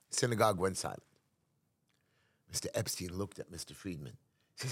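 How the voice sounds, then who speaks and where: Male New community activist, interview guest; low-pitched, emphatic storyteller, dry recording. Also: lively intonation, moderate pace, no echo. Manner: emphatic, acts out quotes, restarts often.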